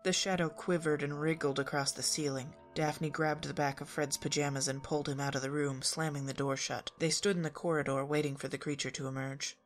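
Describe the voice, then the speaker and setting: Woman narrator, low and steady, storybook reading over soft music. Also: fairly quick, few pauses.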